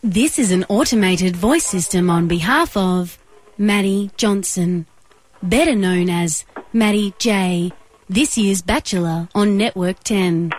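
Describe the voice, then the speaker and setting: A woman's voice: mid-range voice, natural voice. A woman faking a stiff automated phone voice. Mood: robotic. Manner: stiff, measured, robotic phone-menu delivery. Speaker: radio prank caller.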